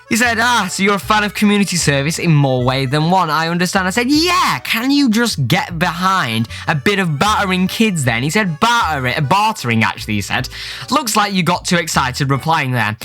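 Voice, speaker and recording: A man's voice: sits high, bright, forceful tone. Joking young man. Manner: jokey, swearing, quick shifts into mock voices. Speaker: YouTuber. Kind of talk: comedic commentary reading chat messages. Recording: faint music behind.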